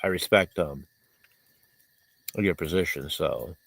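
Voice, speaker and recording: A man's voice: deep voice, slow pace, gravelly, a bit bright, no echo. A man hosting a livestream, rambling in casual chat and reading viewers' comments aloud, congested and coughing. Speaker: livestream host.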